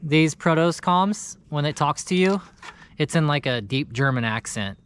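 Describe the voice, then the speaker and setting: Chatty tree worker, outdoor noise. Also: male voice, a little high, lively intonation, a little slow, a bit bright. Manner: chatty, laid-back, talks while working. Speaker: tree service owner. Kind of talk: casual work vlog narration. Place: outdoors in a yard. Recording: outdoor work noise behind voice.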